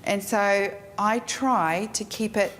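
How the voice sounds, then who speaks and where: A woman teaching a live photography workshop, frank and animated, acting out her clients. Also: medium pitch, slow pace. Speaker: photography instructor. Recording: echoey room with faint noise.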